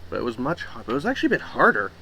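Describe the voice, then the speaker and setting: A man's voice: mid-range voice, wildly swooping pitch, noisy background. A man casually reviewing pocket knives, muttering and exclaiming while he carves and cuts. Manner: offhand, mutters while working, quick exclamations. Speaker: knife reviewer. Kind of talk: casual hands-on demo.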